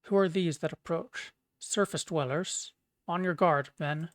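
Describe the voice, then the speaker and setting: Proud suspicious dwarf chief, scornful, slow delivery, dry sound, streamer-voiced. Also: medium pitch, no echo, lightly acted. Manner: scornful, mocking laughter. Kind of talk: reading game dialogue aloud.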